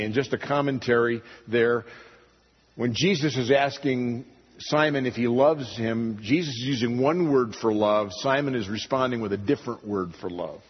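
A man preaching a sermon, pastor-style, emphatic and full of rhetorical questions, his pitch jumping up on key points. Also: normal speed, breathy edge. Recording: dull recording in a reverberant hall.

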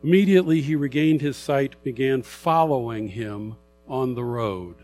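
A middle-aged man preaching a sermon, conversational and animated as he reads and explains scripture. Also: mid-range voice, moderate pace. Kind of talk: sermon Bible teaching.

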